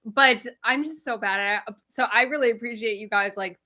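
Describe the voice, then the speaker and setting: A woman from the United States co-hosting a casual livestream, telling stories in a relaxed, animated way. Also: a little high, moderate pace. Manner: relaxed, animated storytelling, says y'all. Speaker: livestream co-host.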